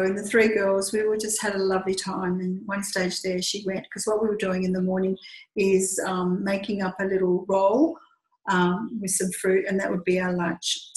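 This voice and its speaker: A woman telling a personal story in a heartfelt, lively conversational way, with small hesitations. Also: medium pitch. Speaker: storyteller recounting a pilgrimage walk. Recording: echoey room.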